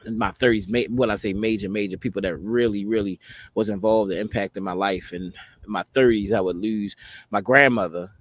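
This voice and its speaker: Man, 40s, lowish voice, dry close sound; loose personal storytelling, heavy on fillers. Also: steady tone, brisk, no echo. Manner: rambling, many "you know what I mean" fillers. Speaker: host.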